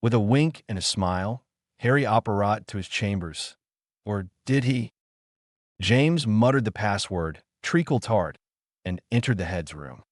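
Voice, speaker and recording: A man narrating a fan-fiction story in a lively storytelling manner. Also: on the low side, unhurried, no room sound, studio quality.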